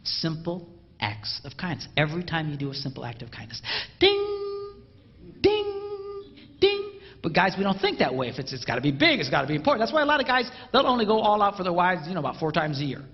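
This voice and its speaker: High, lively man joking to a hall. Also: rapid-fire. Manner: playful and animated, mimics a bell sound. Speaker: speaker addressing an audience. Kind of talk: humorous live talk to an audience. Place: large hall with a live audience. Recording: dull, roomy hall recording.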